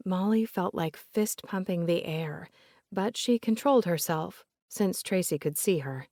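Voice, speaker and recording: A woman narrating a mystery audiobook in an even, steady storytelling manner. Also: lowish voice, unhurried, no echo, studio quality.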